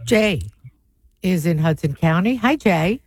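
Sarcastic female radio co-host, animated. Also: lowish voice, unhurried, no room sound, studio quality. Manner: sarcastic, teasing. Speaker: radio talk show co-host. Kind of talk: political talk radio banter.

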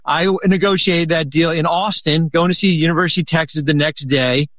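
A man telling long stories in a casual chat, rambling with many restarts and lively quoted lines. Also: fairly high pitch, fairly quick, dry recording. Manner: rambling, many restarts, animated when quoting. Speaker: guest, former basketball executive.

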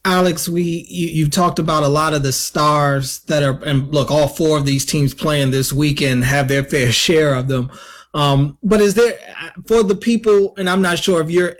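A man hosting a casual sports talk show, asking long rambling questions with restarts. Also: on the high side. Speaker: host.

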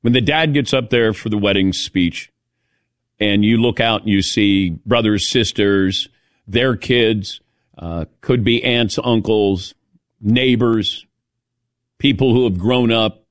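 A middle-aged man hosting a casual sports talk show, animated and self-mocking as he calls on his co-hosts by name. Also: on the low side, slow pace, dry recording, studio quality. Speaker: radio show host.

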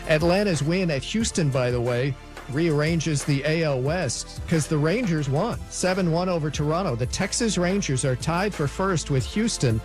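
A man reading a brisk, matter-of-fact rundown of scores as the sports update anchor in a radio studio. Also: a little high. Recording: music bed under voice.

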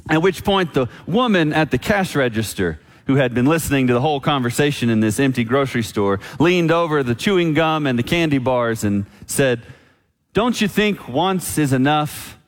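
A man preaching a sermon as pastor, telling a story and slowing down on key lines. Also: medium pitch, animated. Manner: storytelling, slows down for emphasis. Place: church sanctuary. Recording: long church reverb.

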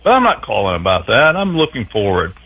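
A man's voice: fairly low pitch, huge pitch swings, a little fast, breathy edge. A man calling in to a radio show, rambling in a folksy, meandering way. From Tennessee. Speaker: caller. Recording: tinny phone line.

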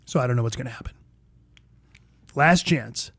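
A man's voice: medium pitch, normal speed, fairly bright tone, slightly rough, no room sound. A man hosting a talk radio show, delivering an emphatic, opinionated monologue full of repetition.

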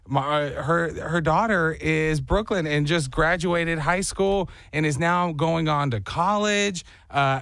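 A man hosting a radio show, telling a rambling, animated story in casual on-air chat. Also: fairly high pitch, no room sound, studio quality.

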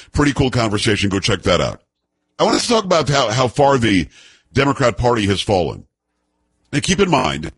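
A man's voice: on the low side, a bit bright, husky, no room sound. A man hosting a talk radio show, speaking in a rambling, folksy monologue with frequent restarts.

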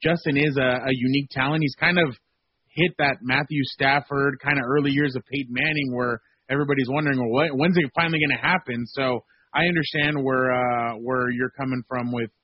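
Husky man on a dull guest line. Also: medium pitch, a little fast, dry recording. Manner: rambling and animated, with many fillers and restarts. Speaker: sports beat reporter and radio guest. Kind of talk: phone-in radio interview.

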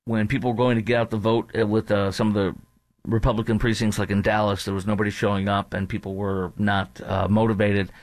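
A man's voice: fairly low pitch, level tone, brisk, darkish tone, no room sound. A man hosting a talk radio show, delivering a combative, emphatic political monologue. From North Texas.

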